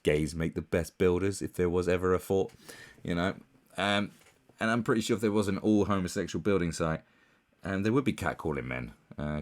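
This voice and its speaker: A man giving casual commentary, rambling and scornful, with many fillers and restarts. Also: deep voice. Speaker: commentary YouTuber.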